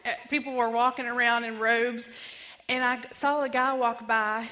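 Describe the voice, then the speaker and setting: A woman, telling her personal testimony in an animated way, acting out voices and laughing often. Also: fairly high pitch, normal speed. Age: 30s. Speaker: ministry founder giving testimony.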